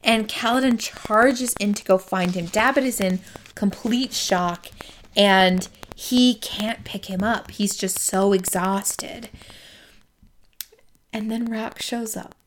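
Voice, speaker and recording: A woman's voice: medium pitch, takes it slowly, a little hiss or hum. A woman co-hosting a casual podcast, recapping a book chapter with lots of "um" and "like" and quoting the characters as she goes. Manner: retells scenes with acted quotes, many fillers.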